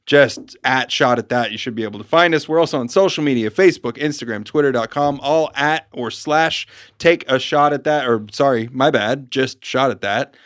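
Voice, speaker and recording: A man hosting a casual podcast over drinks, upbeat and joking, reading plugs quickly. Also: mid-range voice, a bit bright, dry recording, studio quality. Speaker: podcast host.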